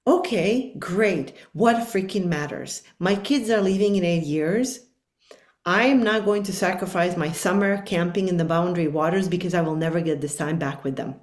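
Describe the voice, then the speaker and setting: A woman's voice: on the low side, normal speed. Reflective middle-aged woman, roomy sound. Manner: earnest, reflective, emphatic. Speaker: guest, life coach. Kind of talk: podcast conversation.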